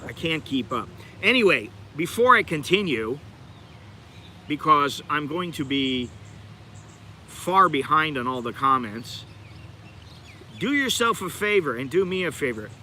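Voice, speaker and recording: Bright-voiced, chatty American man. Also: a little high, very animated, unhurried, pauses often, slight background noise. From United States. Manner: chatty, digressive, talks to viewers directly. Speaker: channel host. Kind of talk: rambling livestream chat.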